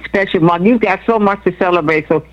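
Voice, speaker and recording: A woman's voice: fairly low pitch, a little fast, lo-fi sound. An older woman, calling a gospel radio show and showering everyone with blessings, repeating words in long strings. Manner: effusive, repeats words in strings, laughs often. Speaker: caller.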